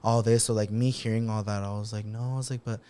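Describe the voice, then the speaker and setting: A young man, chatting on a podcast in a slightly low voice. He tells stories animatedly and plays out what everyone said. His talk is loose and sweary, with bits of Spanish slang mixed in. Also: fast talker, clean tone. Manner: animated retelling, acts out quotes, swears, mixes in Spanish slang. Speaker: podcast co-host. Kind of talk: casual chat.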